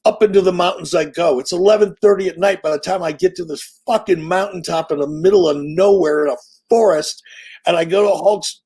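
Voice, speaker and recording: A man's voice: sits high, a little fast, breathy edge. A man in his sixties, an interview guest telling stories in a casual, punchy, profane way. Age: 60s. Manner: animated, profane, punchy storyteller. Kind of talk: casual storytelling.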